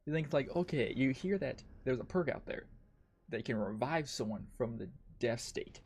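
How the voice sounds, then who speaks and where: A man's voice: mid-range voice, expressive, normal speed, a little mellow, a little hiss or hum. A man streaming a game, ranting in frustration and swearing a lot as he comments on his play. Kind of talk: live gameplay commentary.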